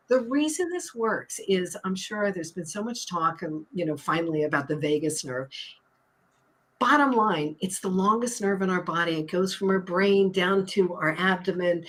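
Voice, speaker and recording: A woman's voice: fairly low pitch, expressive, normal speed, fairly bright tone. A woman coach on a live stream, upbeat and teacherly, repeating key words for emphasis. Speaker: anxiety coach and hypnotist.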